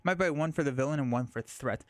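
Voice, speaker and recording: A man's voice: medium pitch, fast. A man hosting a live stream, chatting casually and thinking aloud, with frequent fillers and restarts.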